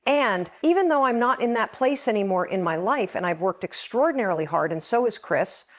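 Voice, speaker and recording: A woman's voice: medium pitch, animated, brisk. A middle-aged woman hosting a podcast, talking earnestly and with emotion about something that moves her. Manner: earnest, emotional, reads passages aloud. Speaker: podcast host. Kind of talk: heartfelt podcast monologue.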